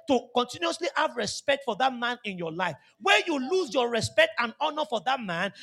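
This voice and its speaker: High, gravelly Nigerian pastor preaching. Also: male voice. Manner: emphatic, theatrical preaching with shouts. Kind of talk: sermon.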